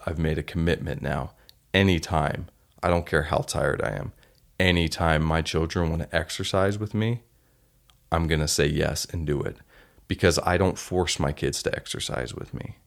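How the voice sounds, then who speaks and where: A man's voice: very deep voice, creaky. A man hosting a solo podcast, telling stories in an earnest, heartfelt way. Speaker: podcast host.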